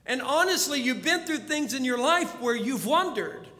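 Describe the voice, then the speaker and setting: A man preaching a sermon as a storyteller, dropping to a hush and then rising to urgent pleas. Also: very high-pitched, animated, normal speed. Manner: storytelling, swings from hushed to urgent. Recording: long hall reverb.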